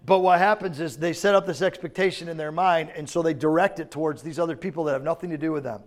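This pastor talks fast with a slightly high voice, preaching in a conversational style and repeatedly asking the congregation if they understand.

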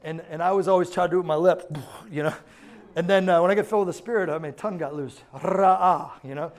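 High-voiced animated man preaching. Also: rapid-fire. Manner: animated, acts out quotes, laughs often. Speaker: pastor. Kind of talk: sermon.

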